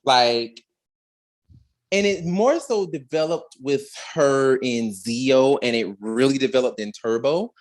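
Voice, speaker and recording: Man, podcast co-host, animated, emphatic, repeats himself, mid pitch. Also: takes it slowly. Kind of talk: casual fan discussion.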